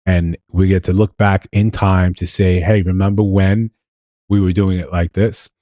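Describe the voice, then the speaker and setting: A man with a low, warm voice and flat delivery hosts a live show at normal speed, reacting to viral clips. He stays laid-back, chuckling and asking rhetorical questions, and the studio recording is clean and echo-free.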